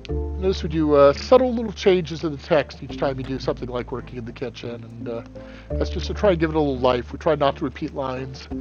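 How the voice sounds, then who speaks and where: A man's voice: mid-range voice, animated, highs cut off, over music. A man, one of the game's developers, casually playing through it on a live stream and reading the game's dialogue aloud. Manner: casual, reads character lines in quickly dropped voices. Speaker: game developer playing his own game. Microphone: desk microphone.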